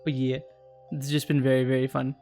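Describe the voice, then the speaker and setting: A man hosting a casual stream, easygoing and quick to laugh, often repeating words. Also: mid-range voice, level tone, a little mellow, faint music behind. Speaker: streamer host.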